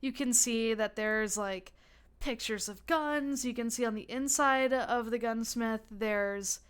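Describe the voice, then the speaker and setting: A woman's voice: on the high side, unhurried, clear, resonant tone. A young woman narrating a tabletop game as game master, chatty with many fillers and restarts.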